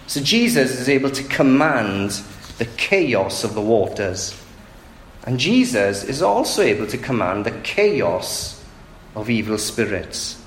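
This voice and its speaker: A man's voice: medium pitch, sing-song, unhurried. A man preaching a sermon in a conversational way, often asking the listeners rhetorical questions. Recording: echoey room with faint background noise.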